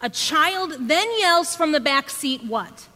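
A woman podcast host preaching a sermon, telling an animated story and acting out her children's voices. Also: sits high, takes it slowly. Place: church sanctuary. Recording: long reverb of a church hall.

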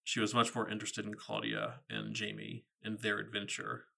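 A man's voice: fairly low pitch, big pitch swings, normal speed, vocal fry, sharp tone. A man in his thirties co-hosting a book podcast, chatting in a thoughtful, casual way. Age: 30s. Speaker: podcast co-host. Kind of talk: casual book-discussion chat.

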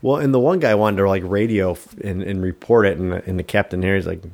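A man's voice: deep voice, fairly quick, gravelly, darkish tone. A man co-hosting a podcast, recapping a film in a rambling, profane casual chat. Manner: rambling, swears often, tries silly accents.

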